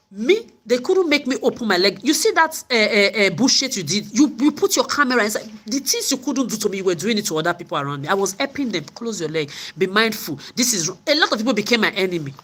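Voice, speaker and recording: A woman's voice: mid-range voice, a bit bright, slightly rough. A middle-aged woman, delivering an angry, confrontational monologue to camera, repeating herself as she rants. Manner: confrontational, ranting, repetitive. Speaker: vlogger.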